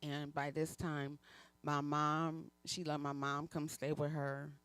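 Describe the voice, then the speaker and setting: A woman minister speaks from the pulpit of a church, giving a personal testimony. Her telling is candid and halting, full of pauses and fillers as she works through her story. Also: low-pitched, little pitch movement, fairly bright tone, clean tone, no room sound. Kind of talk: personal testimony within a sermon.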